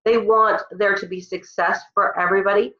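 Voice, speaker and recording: A woman's voice: medium pitch, fairly even intonation, moderate pace, sharp tone. A woman with a cold, leading her team on a call in an earnest, emotional, motivational way. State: congested from a cold. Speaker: team leader speaking on a call. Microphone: phone or computer on a call. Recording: roomy, dull lo-fi call audio.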